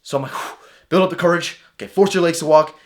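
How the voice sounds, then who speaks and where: A young man telling a story in a casual, animated way, acting out his own thoughts as he goes. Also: a little high, quick pace. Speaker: vlogger.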